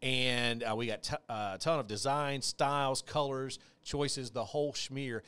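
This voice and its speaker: A man's voice: medium pitch, fairly even intonation, measured pace, pushed and bright, smooth. Casual chatty man co-hosting a podcast. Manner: rambling, self-deprecating, joking. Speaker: podcast co-host. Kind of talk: casual chat.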